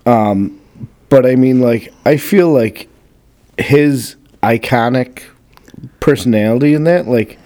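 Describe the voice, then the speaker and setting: A young man in a relaxed podcast conversation, adding short remarks now and then. His tone is mellow and dark, with a mid-range pitch. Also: takes it slowly. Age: young adult. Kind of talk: casual chat.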